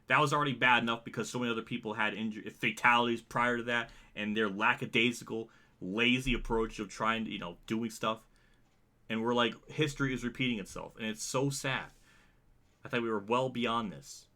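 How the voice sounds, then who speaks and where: A man hosting a racing channel, delivering an exasperated, profane rant with halting restarts. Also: on the low side, bright, forceful tone. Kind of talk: angry rant to camera.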